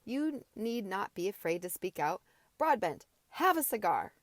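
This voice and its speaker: A woman voicing a brash, loud middle-aged male teacher in an amateur audiobook, booming and bluff. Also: big pitch swings, unhurried, no room sound. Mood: blustering. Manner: booming and bluff, mock-hectoring.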